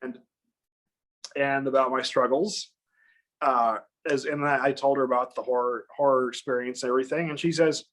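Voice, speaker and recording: A man telling a long personal story in casual chat, animated and acting out other people's lines in raised voices. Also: mid-range voice, normal speed. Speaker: guest.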